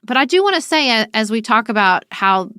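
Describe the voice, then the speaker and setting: A woman's voice: fairly high pitch, very animated, fairly quick, pushed and bright, clean tone, no echo. Emotional lady chatting politics on a podcast, dry mic. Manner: heartfelt, emotional, conversational. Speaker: podcast co-host.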